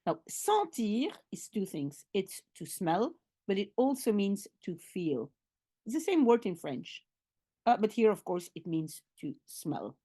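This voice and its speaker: A language teacher, a woman, works through a children's story line by line, reading the French and then explaining it in English. She talks at an unhurried pace with a very animated, up-and-down voice. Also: medium pitch. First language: Dutch. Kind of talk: bilingual language lesson.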